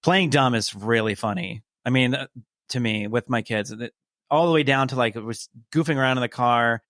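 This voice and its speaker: A man's voice: mid-range voice, moderate pace, a bit bright, dry recording, clean studio sound. A man guesting on a podcast, a comedian telling funny stories in casual chat. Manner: storytelling, acts out voices in anecdotes.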